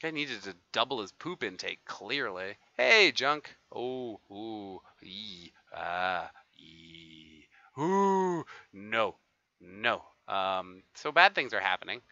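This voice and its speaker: A man giving excitable live gameplay commentary as a streamer, swearing and taunting other players. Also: on the low side, takes it slowly, no echo. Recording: dull lo-fi stream audio.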